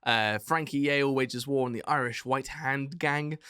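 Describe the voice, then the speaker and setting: Dry, lively podcast storyteller. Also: male voice, mid-range voice, normal speed, clean tone, dry recording. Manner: energetic storyteller, playful with accents. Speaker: podcast co-host. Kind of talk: casual history podcast chat.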